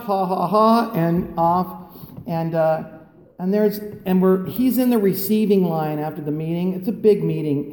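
A man's voice: high-pitched, mellow, slight background noise. Man telling his story in an echoey hall. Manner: conversational storyteller, self-mocking, many fillers. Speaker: speaker at a recovery meeting. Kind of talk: personal testimony to a live audience. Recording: echoey hall with long reverb.

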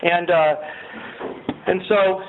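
A man giving a personal testimony at a recovery meeting. He tells his story in an animated way, swinging from loud excitement to quiet earnestness. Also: high-pitched, very slow. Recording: tinny lo-fi recording with faint hiss.

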